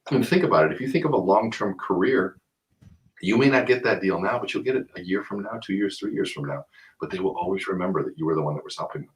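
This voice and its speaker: A man with a very deep voice speaks as a guest on a live video interview. He tells stories with energy and turns earnest and urging when he gives advice. The call sound is plain, with nothing behind him. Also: lively intonation, fast, low-quality recording.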